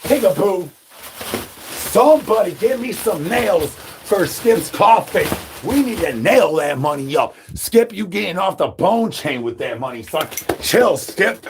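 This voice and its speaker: Against a noisy background, a fairly high-pitched man performs a crude, absurd comedy monologue as a streamer. He spouts rhyming gibberish, repeats catchphrases, and moans for brains the way a zombie would.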